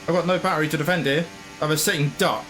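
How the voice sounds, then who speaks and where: High-voiced man ranting over a race game. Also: steady tone, fast, a bit bright, faint music behind. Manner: frustrated, ranting. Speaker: gaming channel host. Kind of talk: live game commentary.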